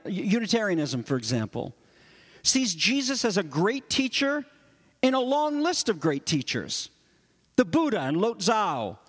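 A man preaching an expository sermon, his voice rising for emphasis and dropping low for quiet asides. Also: in a large hall. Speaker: pastor.

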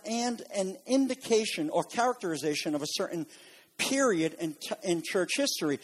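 Man preaching, high voice, fast animated teaching. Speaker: Bible teacher. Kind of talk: sermon teaching.

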